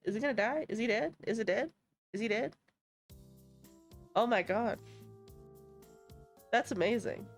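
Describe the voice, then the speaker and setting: A woman's voice: fairly high pitch, lively intonation, a little slow, long pauses, soft background music. A woman streamer giving casual, playful commentary while she plays a video game, reacting aloud and swearing now and then.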